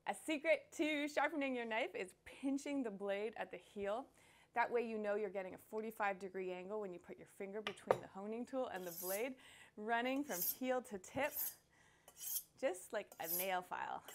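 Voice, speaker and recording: A woman's voice: medium pitch, fairly bright tone, slight background noise. A young woman hosting a casual cooking demonstration, bubbly and playful as she chops and explains. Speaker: cooking show host.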